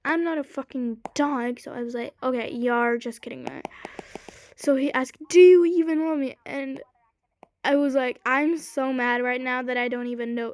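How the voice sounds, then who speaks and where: Young girl ranting a storytime vlog, high voice, dry close sound, swears a lot. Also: no room sound. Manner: rambling, swears a lot, exasperated. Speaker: small creator.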